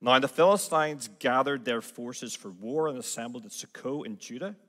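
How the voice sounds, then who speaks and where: A man with a Northern Irish Belfast accent preaches a sermon, his bright, clear voice carrying through a large church hall. He reads scripture with gentle, self-deprecating ease, and the long reverb trails every phrase. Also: mid-range voice, normal speed. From Northern Ireland. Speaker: guest preacher.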